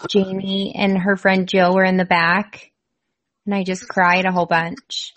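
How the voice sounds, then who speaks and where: A woman's voice: mid-range voice, flat delivery, measured pace, fairly bright tone. A woman with a mid-range voice starts a personal story in casual chat. She is hesitant and self-deprecating, and she restarts her sentences. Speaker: guest.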